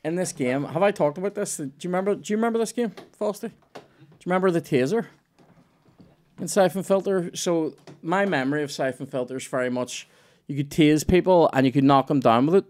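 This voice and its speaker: A man's voice: fairly high pitch, fairly quick, darkish tone. A man hosting a comedy podcast, rambling and jokey, laughing often. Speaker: podcast host. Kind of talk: casual comedy chat.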